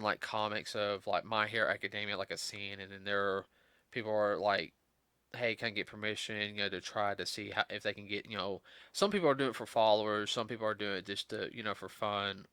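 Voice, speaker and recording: A tired man chats loosely on a podcast, his slightly low voice carrying a bright, forceful edge. He rambles, restarting sentences and padding them with fillers, all in a dry, close sound. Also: clean tone, no room sound. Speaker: guest host. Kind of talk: casual podcast chat.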